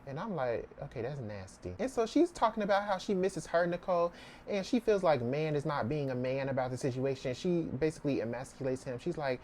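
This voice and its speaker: Fast-talking man recapping a novel. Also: fairly high pitch, slight background noise. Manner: chatty, animated retelling with quoted voices. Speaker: book reviewer. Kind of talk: casual book summary.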